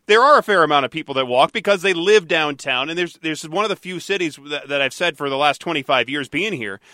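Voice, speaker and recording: A man hosting a talk radio show, chatting and teasing his co-host in a lively, animated way. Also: on the high side, quick pace, no echo, clean studio sound. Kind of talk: casual talk radio banter.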